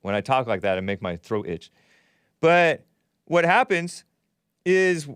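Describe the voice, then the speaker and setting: A man's voice: mid-range voice, sing-song, measured pace, long pauses, fairly bright tone, smooth, dry recording, clean studio sound. A man hosting a talk show, delivering a casual monologue in a sardonic, mocking tone and laughing at his own remarks.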